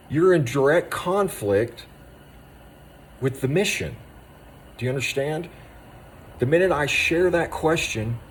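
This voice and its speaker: A man, an Army veteran, gives a raw spoken monologue, hammering short phrases with intensity and often dropping to a hushed voice. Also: mid-range voice, slight background noise. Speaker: Army veteran speaking on moral injury.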